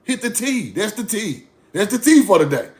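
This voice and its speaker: A man's voice: high-pitched, very animated, normal speed, a little mellow. A man ranting casually to his online audience, blunt, profane and mocking, repeating himself for effect. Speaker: online commentator. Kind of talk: casual rant to camera.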